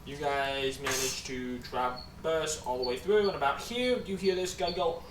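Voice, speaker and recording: A man narrating as game master of a tabletop game, animated, swearing and mocking himself. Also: mid-range voice, measured pace. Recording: echoey room, far from mic, background noise.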